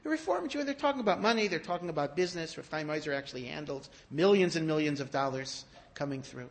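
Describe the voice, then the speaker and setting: Guy with a high voice preaching, animated storyteller. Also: quick pace. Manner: animated storyteller, rising to emphatic peaks. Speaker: rabbi giving a talk. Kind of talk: storytelling sermon.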